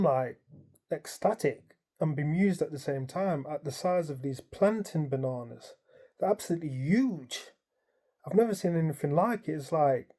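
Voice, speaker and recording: A man casually recounting a dream in the present tense. He rambles, filling his story with "like" and "um". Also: fairly high pitch. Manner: rambling, animated retelling full of "like" and "um". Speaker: dream vlogger.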